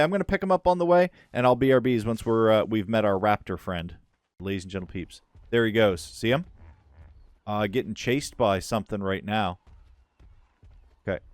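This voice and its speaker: A man hosting a let's-play, talking through his game casually and swinging from hushed to loud excitement. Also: medium pitch, smooth, no room sound. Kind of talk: casual gameplay commentary.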